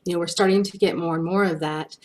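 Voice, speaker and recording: A woman's voice: on the low side, fairly even intonation, fast. A woman speaking as a research guest in a webinar, answering questions with frequent fillers and restarts. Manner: hesitant, many restarts and fillers.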